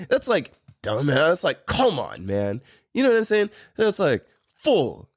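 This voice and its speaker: A middle-aged podcast host from Mira Mesa in San Diego speaks at a measured pace with a voice on the high side and huge pitch swings. The recording is dry and studio-clean, and his casual storytelling chat is laid-back, profane, and full of laughter.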